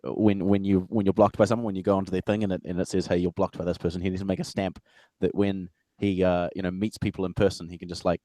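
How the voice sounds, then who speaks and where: A male guest on an online chat, rambling through jokes and stories in a lowish voice. His lines often drop away into quiet asides. The sound is close and dry, with no room around it. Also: level tone, fast, hardly any pauses, no echo. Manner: rambling, jokey, trailing off quietly. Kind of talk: casual chat.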